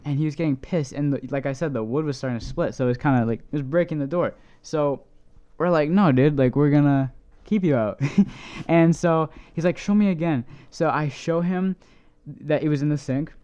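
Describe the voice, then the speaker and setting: A young man tells a rambling story on a casual podcast, filling his talk with "like" and tossing in swears. His voice is mellow and smooth, with a mid pitch. The recording sounds a little dull and lo-fi. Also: moderate pace. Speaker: podcast co-host.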